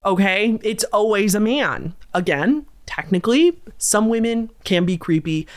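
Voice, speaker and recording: A woman's voice: mid-range voice, lively intonation, unhurried. A woman host reading viewer-submitted scary stories aloud and breaking in with disgusted, sarcastic asides. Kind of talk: storytelling reading with reactions.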